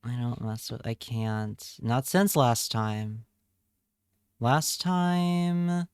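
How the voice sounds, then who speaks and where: Slow, playful streamer guy, clear voice. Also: medium pitch, no room sound, studio quality. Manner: playful, jokey, reads chat aloud. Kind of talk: casual live-stream chat.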